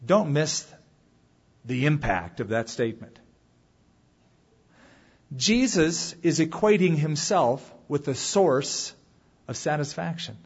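Male pastor, husky and fairly high, animated sermon delivery, dull lo-fi sound. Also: slow, long pauses. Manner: dramatic, animated preaching that swings from loud calls to quiet asides.

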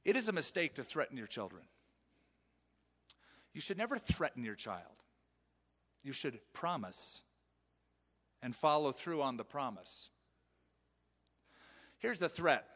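A male pastor with a bright, forceful voice preaches in a conversational way, slipping into the voices of parents as he talks. His voice is pitched a little high for a man. The sound carries a long reverb from a church hall. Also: sing-song, measured pace, pauses often. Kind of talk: sermon. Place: church sanctuary.

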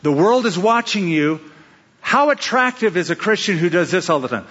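A man's voice: high-pitched, sing-song, moderate pace, fairly bright tone, husky. A male pastor giving a conversational sermon, asking his listeners questions and acting out little asides. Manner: conversational preaching with rhetorical questions and acted-out asides. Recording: dull sound with long hall reverb.

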